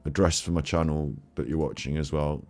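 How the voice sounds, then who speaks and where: A man's voice: extremely low pitch, fairly even intonation, fairly quick, a little mellow. A man giving crude, sarcastic commentary on old TV clips and laughing often. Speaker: host.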